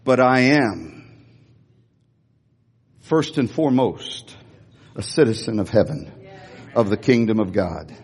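An older American man, a pastor, preaching an animated sermon and calling on the congregation to repeat after him. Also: mid-range voice, slow, pauses often, breathy edge, big-room sound. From United States. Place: church sanctuary.

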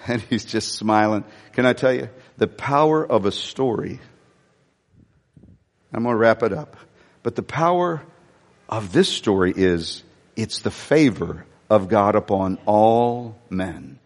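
A man preaching a sermon, telling stories in an animated, conversational way. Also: lowish voice, measured pace, long reverb tail. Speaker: pastor.

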